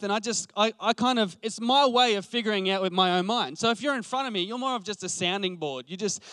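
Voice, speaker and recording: Man, late twenties, preacher, passionate and rambling, fairly high voice, dry close sound. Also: a bit bright, clean tone, no echo. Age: late 20s. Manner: passionate, thinks aloud with restarts and fillers. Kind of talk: conversational sermon.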